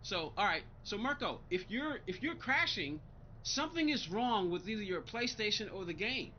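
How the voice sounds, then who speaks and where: Irritated high-voiced man streaming to chat. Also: expressive, moderate pace, highs cut off, a little hiss or hum. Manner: irritated, rambling, repeats himself, talks back to chat. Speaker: live-streaming sim racing gamer. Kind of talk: casual live-stream chat reading viewer comments.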